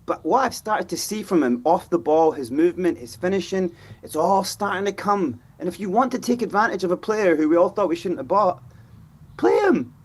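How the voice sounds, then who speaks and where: Animated man, high and husky. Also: a little fast. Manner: animated, frustrated, acts out players' voices. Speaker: fan show host. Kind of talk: passionate football reaction chat.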